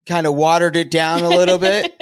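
A woman's voice: lowish voice, level tone, brisk, no echo, studio quality. A woman co-hosting a casual faith discussion who drops wry, teasing asides. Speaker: podcast co-host.

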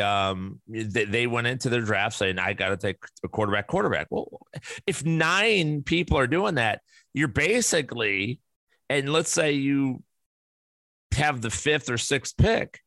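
Male podcaster, mid-pitched and forceful, ranting bluntly with profanity on a dry close mic. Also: no echo. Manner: blunt and profane, with many restarts and fillers. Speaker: podcast host. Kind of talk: casual solo podcast rant.

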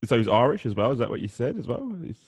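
A man co-hosting a casual podcast, speaking in relaxed, blokey banter. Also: mid-range voice, quick pace, slightly rough, no room sound, studio quality. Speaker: podcast co-host.

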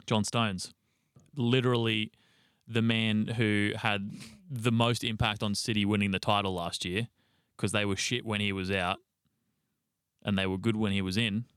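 A man's voice: on the low side, flat delivery, measured pace, a bit bright, smooth, no echo, studio quality. A young man, co-hosting a casual sports podcast and rambling through team news with casual swearing. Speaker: podcast co-host.

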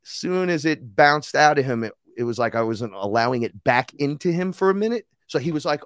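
A man's voice: mid-range voice, a little fast, few pauses, no echo, studio quality. A man telling a long story in a casual conversation as a podcast guest, swearing freely and acting out other people's voices. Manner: animated, profane, acts out other people's voices. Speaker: podcast guest, rapper and shaman.

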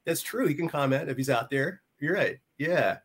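A man's voice: on the high side, animated, normal speed, husky. A man who is a guest on a casual chat show, joking and self-deprecating.

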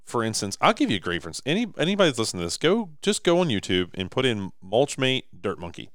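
A man in his thirties co-hosting a podcast, telling stories with lively acted-out quotes. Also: mid-range voice, fast, no room sound, studio quality. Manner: animated storyteller, acts out quotes. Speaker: podcast co-host. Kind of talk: casual podcast chat.

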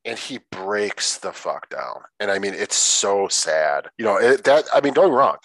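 A man in a casual film-discussion chat, relaxed and swearing freely, stretching out words for emphasis. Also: on the low side, normal speed, vocal fry, no echo, poor audio.

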